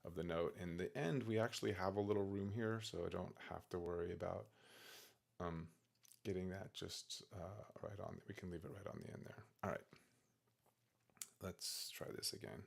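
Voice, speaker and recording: A man working through takes of his own song on a studio microphone, talking himself through each attempt in soft, self-critical asides. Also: low-pitched, steady tone, normal speed, creaky. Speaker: singer-songwriter teaching vocal practice. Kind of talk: casual talk-through of his own practice session. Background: guitar playing.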